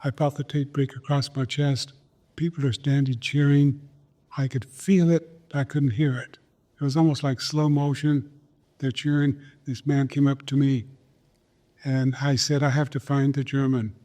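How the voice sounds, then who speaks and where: An older man telling a personal story in an interview, slow and earnest, repeating phrases for emphasis. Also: mid-range voice, flat delivery, dark tone. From Pine Ridge Reservation, South Dakota, USA. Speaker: guest, Olympic champion. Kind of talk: reflective storytelling in a podcast interview.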